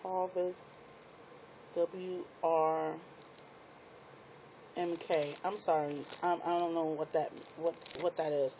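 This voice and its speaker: A woman chatting excitedly to her viewers while unboxing craft supplies in a small apartment, laughing at herself as she goes. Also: on the low side, takes it slowly, long pauses, a little hiss or hum. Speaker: craft vlogger. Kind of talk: casual unboxing chat to viewers. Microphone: tablet microphone. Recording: dull lo-fi tablet audio.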